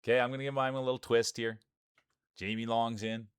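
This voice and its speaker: A man's voice: mid-range voice, level tone, brisk, clean tone, no room sound. A man hosting a live stream, calling marble races with playful jokes and hype. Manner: playful, joking, hype-building. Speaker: streamer and race commentator.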